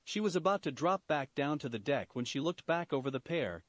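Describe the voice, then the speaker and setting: A man narrating a fan-fiction story in an expressive reading style. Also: on the high side, brisk, no room sound.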